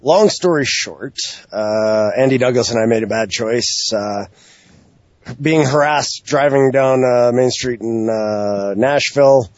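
A man's voice: mid-range voice, slow, no echo, lo-fi sound. Blunt sarcastic podcast guest, man. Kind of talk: casual podcast chat.

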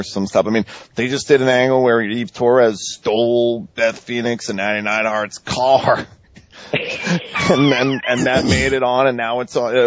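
A man's voice: lowish voice, dry recording, highs cut off. A man hosting a podcast in casual chat, reading out listener questions. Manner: chatty, reads listener questions. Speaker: podcast host.

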